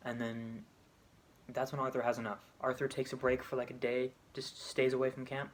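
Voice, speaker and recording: A man's voice: mid-range voice, completely flat delivery, normal speed, slight background noise. A man casually retelling a video game story, rambling, restarting and correcting himself as he goes. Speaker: video creator.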